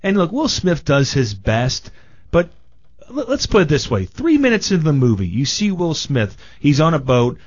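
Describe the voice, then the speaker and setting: Animated male film critic on radio. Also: a little high, moderate pace, highs cut off. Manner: animated, mock-quotes people. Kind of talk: casual radio banter.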